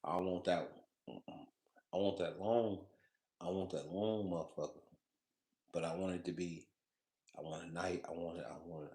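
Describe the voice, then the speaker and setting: Casual male vlogger, low voice, slangy profane ramble, roomy echo. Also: steady tone, moderate pace, long pauses, dark tone. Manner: loose, slangy, profane, laughs often; repeats himself and talks to the viewer. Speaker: food vlogger.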